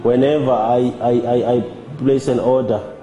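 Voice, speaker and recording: Dark-voiced man, reverberant. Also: mid-range voice, fairly even intonation, dull audio, slight background noise. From South Africa. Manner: measured, halting, with repeated words. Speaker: church member giving testimony. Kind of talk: personal testimony. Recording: roomy with long reverb and faint music.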